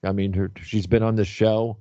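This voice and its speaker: An older man hosts a casual talk show, wandering through his thoughts and circling back on his words. His voice sits low and mellow. The recording is dull, dry and lo-fi. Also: flat delivery, moderate pace, no echo. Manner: rambling, repeats words, trails off. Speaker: host.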